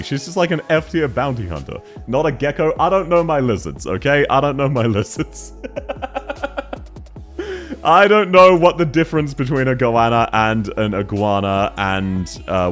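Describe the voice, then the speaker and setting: Animated, joking Australian man. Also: mid-range voice. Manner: joking, laughing often, crude banter. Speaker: game streamer. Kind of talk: casual livestream chat.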